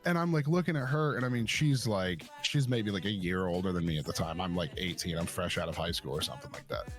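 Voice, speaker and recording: A man's voice: deep voice, fast talker, soft background music. A young adult man streaming, telling a long story in casual chat, rambling and swearing, with many repeated fillers.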